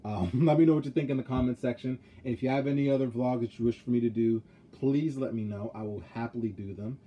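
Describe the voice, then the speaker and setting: A man's voice: medium pitch, fast talker, lo-fi sound, slight background noise. A young man telling his own dating stories in a casual vlog, blunt and profane, with many fillers. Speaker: vlogger.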